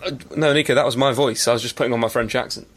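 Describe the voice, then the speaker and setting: A man's voice: mid-range voice, fairly even intonation, very fast, a bit bright, slight background noise. A man hosting a casual football podcast, talking in a chatty, opinionated way. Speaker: podcast host.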